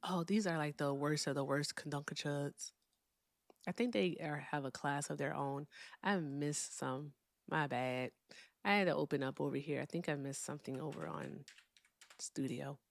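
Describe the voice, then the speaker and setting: A woman's voice: low voice, steady tone, moderate pace, vocal fry. A woman hosting a live call-in debate stream, blunt and profane, brushing callers off.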